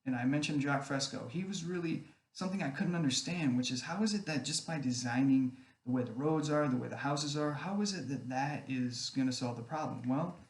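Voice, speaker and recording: A man's voice: mid-range voice, brisk, hardly any pauses. Rambling man in an echoey room. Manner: rambling, often adds "okay?". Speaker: online group admin. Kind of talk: casual rambling talk to camera. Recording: echoey room, faint background noise.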